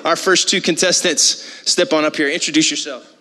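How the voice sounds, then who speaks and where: A man leading a church crowd game, loud and excited, calling out to the crowd. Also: a little high, normal speed. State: out of breath. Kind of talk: energetic stage hosting. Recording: echoey hall with faint music.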